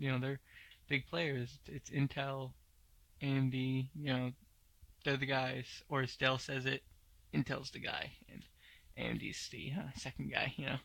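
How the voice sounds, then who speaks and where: A man hosts a tech news podcast in a casual, opinionated way and fills his talk with asides. His voice has a gravelly fry and stays fairly level in pitch. The recording is dry and close, with no room sound. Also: a bit bright, no room sound. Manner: opinionated, blunt, many fillers. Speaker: podcast host.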